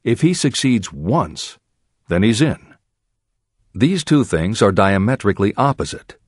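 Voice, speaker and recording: Role: audiobook narrator. Sex: man. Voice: low with lively intonation. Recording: dry and close. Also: a little slow, breathy edge, no room sound.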